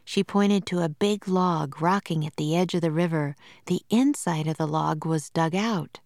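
A woman narrating a children's storybook in a slow, measured and clear manner. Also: low-pitched, a little mellow, no room sound, studio quality.

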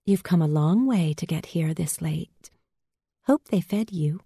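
A woman's voice: mid-range voice, lively intonation, measured pace, dark tone, dry recording, studio quality. A woman voicing a bouncy, light, mischievous young mill girl in a storybook reading. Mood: teasing. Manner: teasing, light.

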